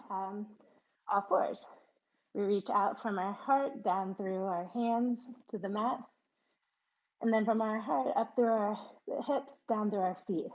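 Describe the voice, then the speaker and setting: Slow, calm woman yoga instructor. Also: medium pitch, lo-fi sound. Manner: calm, encouraging cueing with breathy laughs. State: out of breath at times. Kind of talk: guided yoga class cues.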